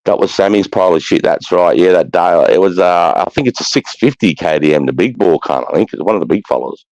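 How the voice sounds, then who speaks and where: A man's voice: deep voice, lively intonation, quick pace, darkish tone, dry recording, low-quality recording. A man in his fifties with an Australian accent, rambling and swearing freely as he tells stories in a casual chat. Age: 50s. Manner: rambling, profane, blokey storytelling.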